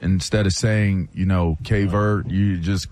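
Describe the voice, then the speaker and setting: A man's voice: sits low, fairly even intonation, measured pace, darkish tone. A man co-hosting a sports radio show, playful and stubborn, drawing out his emphasis. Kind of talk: casual sports talk. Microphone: studio microphone.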